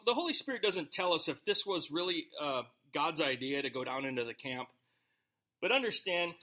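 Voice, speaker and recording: High-voiced man preaching casually. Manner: conversational, animated, reads scripture aloud then explains. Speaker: pastor. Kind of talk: expository sermon.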